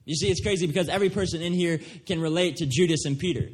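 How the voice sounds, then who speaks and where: A man's voice: fairly high pitch, racing, slightly rough. A young man giving an earnest, emphatic sermon, often checking in with his listeners. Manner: earnest, emphatic preaching with restarts and "right?" asides. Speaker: pastor.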